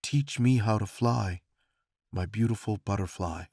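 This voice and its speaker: A man's voice: medium pitch, normal speed, no echo, studio quality, voice pushed up, close to an everyday voice. A man doing a charming easygoing frat guy. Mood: earnest. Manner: relaxed, flirty, laying on charm.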